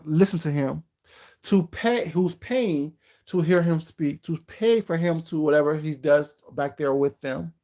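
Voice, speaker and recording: A man doing casual live-stream commentary, sassy and emphatic, leaning on slow, repeated rhetorical questions and greeting his chat. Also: fairly high pitch, gravelly, darkish tone.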